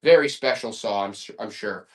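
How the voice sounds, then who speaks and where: A man hosting a live online auction, selling items with hyped-up, excitable patter and loud exclamations. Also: fairly low pitch, moderate pace.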